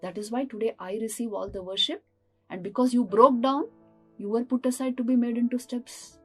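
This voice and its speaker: A woman voicing a calm, wise male deity who speaks from a temple statue and patiently explains himself to the steps. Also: a little high, brisk, slightly rough, soft background music, poor audio. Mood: gentle, explaining.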